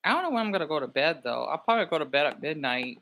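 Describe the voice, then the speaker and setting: Speaking very fast in a slightly high, sharp voice with big pitch swings, a young man streams late at night from bed at home. He rambles casually while checking his videos, talking to himself and frequently breaking off mid-thought.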